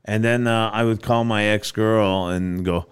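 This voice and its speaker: A man's voice: on the low side, fairly even intonation, unhurried, clear, resonant tone. A man co-hosting a podcast in casual chat, laid-back and profane, often answering with short reactions. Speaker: podcast co-host.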